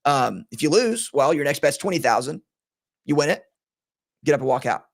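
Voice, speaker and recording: A man's voice: a little high, expressive, moderate pace, vocal fry. A man hosting a sports betting podcast in casual chat, rambling and laughing often, his voice strained today.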